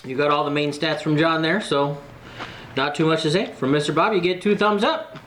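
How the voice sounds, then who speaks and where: A man's voice: fairly high pitch, normal speed, fairly bright tone, slight background noise. A man co-hosting a casual food review, easygoing and joking with his partner.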